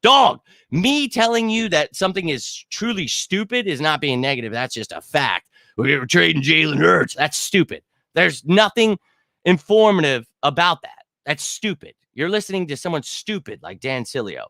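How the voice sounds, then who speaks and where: A man's voice: on the high side, sing-song, moderate pace, bright, forceful tone, dry recording. A man in his thirties hosting a fan show, ranting in a brash, heated, profane way and talking straight to his viewers. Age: 30s. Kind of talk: livestream rant.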